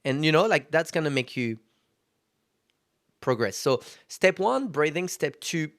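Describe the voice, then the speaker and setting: Gravelly-voiced man hosting a solo podcast. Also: a little high, lively intonation, unhurried, fairly bright tone, no room sound, studio quality. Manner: conversational, self-reflective, frequent fillers. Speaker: podcast host. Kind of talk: casual solo podcast monologue.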